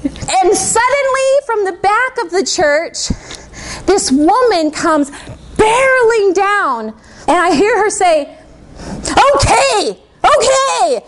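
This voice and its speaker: Woman preaching to a church crowd, high voice, animated storytelling, little room hum behind. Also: slow. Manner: animated storytelling, laughs often. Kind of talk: sermon with personal story. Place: church service with congregation.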